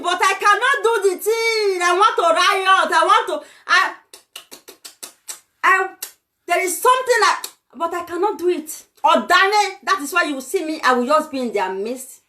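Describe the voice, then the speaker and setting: High, animated Nigerian woman ranting. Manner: heated, scolding, exclamatory. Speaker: vlogger. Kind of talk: ranting vlog monologue.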